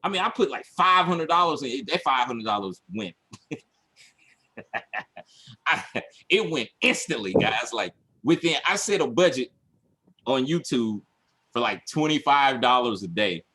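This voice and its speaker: A man coaching his viewers in a casual livestream, emphatic and repetitive, acting out his own panic with shouts and laughs. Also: mid-range voice, sing-song, a little slow, long pauses, breathy edge. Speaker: online business coach.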